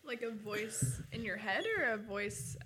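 A young woman chatting casually, pausing often to search for words. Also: mid-range voice, steady tone, pushed and bright. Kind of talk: casual chat.

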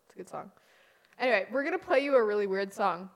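A woman's voice: medium pitch, lively intonation, quick pace. Middle-aged woman, co-host, light casual banter with frequent laughs. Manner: giggly, joking. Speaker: co-host, mother. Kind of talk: casual chat.

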